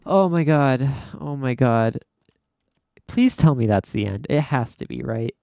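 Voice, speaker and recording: Playing an obstacle course game, a young adult offers relaxed let's play commentary, laughing at their failures with theatrical exasperation. Their mid-range voice is animated yet a little slow, creaky and mellow, with no room sound.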